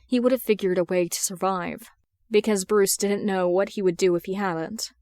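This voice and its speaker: A woman reads fan fiction aloud in a steady, even narrating voice of middle pitch. The recording is close and dry, made at home with no room echo. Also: moderate pace. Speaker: podfic reader. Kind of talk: audiobook narration.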